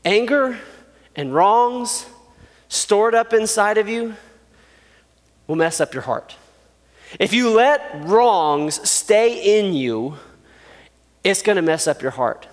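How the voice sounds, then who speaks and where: A man giving a youth sermon in a playful, animated way, acting out little scenes. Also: high voice, slow pace, pauses often, long reverb tail. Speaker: youth pastor.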